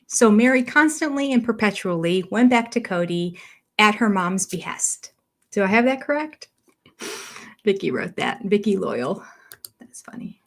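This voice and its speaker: A woman's voice: animated, takes it slowly, long pauses. Chatty older woman livestream host. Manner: chatty, rambling, laughs often; coos in a high voice to her cats. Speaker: livestream host reviewing a reality show. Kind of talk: casual chat, reading viewer comments.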